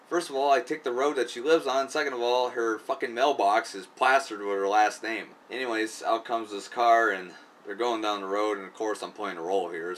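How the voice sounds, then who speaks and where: A man's voice: on the low side, a bit bright. Man, casual profane storyteller, rambling with fillers; recorded from a distance with faint noise. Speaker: video creator.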